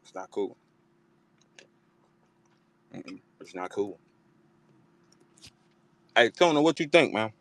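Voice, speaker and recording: A man hosting a casual battle rap talk space, profane and animated, slipping into mocking voices when he quotes people. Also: fairly low pitch, slow, long pauses. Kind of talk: casual chat. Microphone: online audio room.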